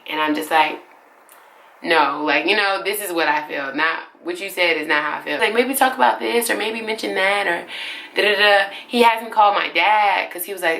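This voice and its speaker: Young woman storyteller from Atlanta, gravelly bright voice, chatty and animated, y'all-heavy. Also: on the low side. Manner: animated, slangy, addresses viewers as y'all. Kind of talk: casual storytime vlog.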